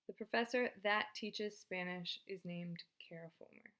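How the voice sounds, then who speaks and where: A woman's voice: lowish voice, a little slow, few pauses, fairly bright tone. A woman teaching a Spanish grammar video lesson in a casual, chatty and encouraging way.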